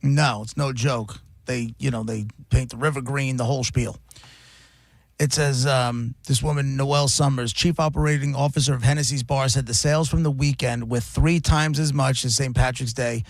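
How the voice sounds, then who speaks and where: Gravelly-voiced male radio host. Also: mid-range voice, steady tone, moderate pace, dry recording. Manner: chatty, recaps news stories with asides. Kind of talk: casual talk radio chat. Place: radio studio. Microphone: studio mic.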